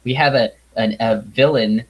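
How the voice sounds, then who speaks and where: A man's voice: mid-range voice, husky, poor audio. Blunt, exasperated man ranting. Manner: blunt and exasperated, with sighs and swearing; halting restarts and repetition. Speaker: video reviewer. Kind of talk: ranting review monologue.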